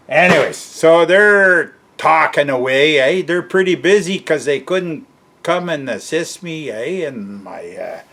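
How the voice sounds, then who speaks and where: Slow, chuckling Canadian man. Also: medium pitch, fairly bright tone. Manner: chuckling, tag "eh?" often, rambling asides. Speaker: vlogger. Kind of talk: casual rambling monologue.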